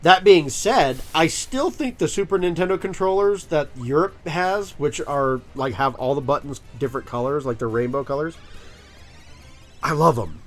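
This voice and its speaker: A man's voice: on the high side, normal speed, soft background music. A man chatting casually while playing a video game, rambling with plenty of likes and uhs. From United States. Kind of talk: let's-play commentary.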